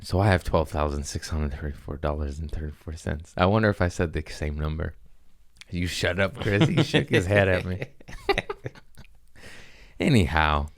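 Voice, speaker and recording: Deep-voiced man rambling crude jokes. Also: animated, normal speed. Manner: crude, rambling, laughs at his own jokes. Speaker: podcast host. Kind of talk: casual comedic monologue.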